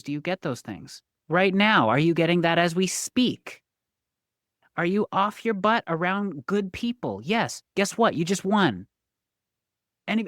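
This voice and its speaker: A woman coach talks with real enthusiasm, her pitch leaping around as she makes her points. The sound is dry and close, with no room echo. Her delivery is motivational and energetic. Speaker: guest, success coach and pickleball coach. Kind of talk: casual interview talk.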